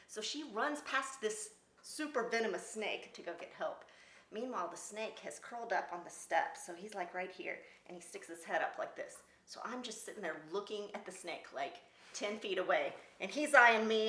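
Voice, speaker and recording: A middle-aged woman telling her own story in casual talk, lively and laughing between lines. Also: medium pitch. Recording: roomy echo.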